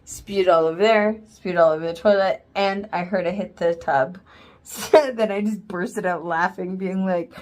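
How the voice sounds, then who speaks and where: A woman's voice: on the low side, steady tone, moderate pace, a little mellow. A tired woman vlogging casually at home after oral surgery, rambling with lots of fillers and swearing freely. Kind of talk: casual late-night vlog. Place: home, bed then bathroom.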